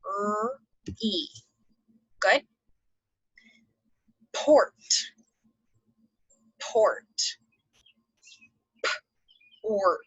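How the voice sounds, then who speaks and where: A woman teacher giving a phonics lesson to second graders, slowly sounding out words and spelling letters aloud. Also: medium pitch, pushed and bright, dry recording, dull audio.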